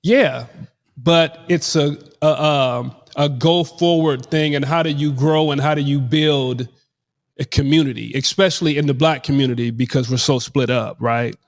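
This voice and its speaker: A man co-hosting a podcast in casual discussion, talking earnestly and emphatically with halting restarts and fillers. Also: on the high side, fairly even intonation. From US West Coast. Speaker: podcast co-host.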